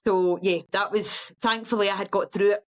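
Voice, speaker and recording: Middle-aged woman guest, animated storyteller, jumps into a high singsong for quotes. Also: normal speed, poor audio. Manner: lively, acts out quoted voices in a high sing-song. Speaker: guest ultra runner.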